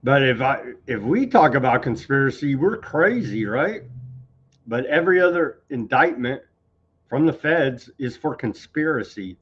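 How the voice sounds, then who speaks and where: A man's voice: mid-range voice, expressive, a little slow, fairly bright tone, husky, highs cut off. Sarcastic man hosting a rambling news stream. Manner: sarcastic, rambling, scornful asides. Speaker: news show host. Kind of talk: casual live-stream news commentary.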